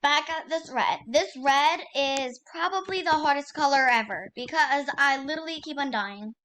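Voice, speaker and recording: A gaming YouTuber with a high, bright voice talks through her play on her channel at normal speed. She's casual and excitable, packing in fillers and repeating the same exclamations over and over.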